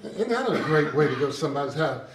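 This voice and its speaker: A man preaching an animated sermon in a church, storytelling with laughter. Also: on the high side, fast, noisy background. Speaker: pastor. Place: church sanctuary. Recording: echoey sanctuary, distant mic.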